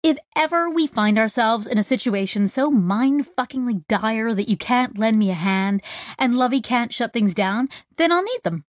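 Lady narrator putting on a loud irreverent young mechanic girl, higher voice, bouncy and cheeky, dry room. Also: expressive, moderate pace, no echo, close to an everyday voice. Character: brash young female mech tech, irreverent.

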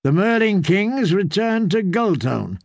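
A narrator voicing a cunning middle-aged lord, smooth and knowing. The voice sits a little high with a gravelly texture, close and dry. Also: male voice, sing-song, a little slow, darkish tone, dry recording, exaggerated voice. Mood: sly.

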